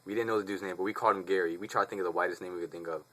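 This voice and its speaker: A man's voice: low-pitched, steady tone, racing, fairly bright tone. A man in his twenties casually telling a story to the camera, rambling, profane and slangy. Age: 20s. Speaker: vlogger.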